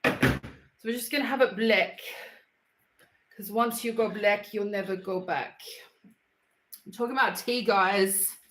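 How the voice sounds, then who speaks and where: A woman's voice: medium pitch, unhurried, pauses often, fairly bright tone, reverberant, slight background noise, rough recording. An Australian woman from Queensland chatting bluntly on a home livestream, answering viewer comments. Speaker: livestream host. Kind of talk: casual livestream chat. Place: home, indoors.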